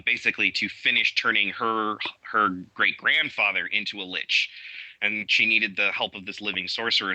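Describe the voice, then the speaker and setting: Male guest, casual chat, enthusiastic, halting delivery full of restarts; tense, bright tone. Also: lowish voice, dry recording, low-quality recording. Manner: halting, many restarts and fillers; enthusiastic storytelling. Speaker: podcast guest. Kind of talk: casual interview talk.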